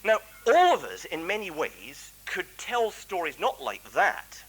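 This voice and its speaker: A man's voice: high voice, wildly swooping pitch, a little slow, a bit bright, slightly rough, poor audio. A man giving a chatty, self-deprecating lecture as a clergyman, full of asides. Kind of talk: anecdotal public lecture.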